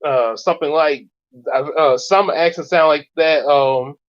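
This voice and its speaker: A man hosting a casual reaction chat, rambling and halting with many restarts. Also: on the high side, muffled recording. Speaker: host.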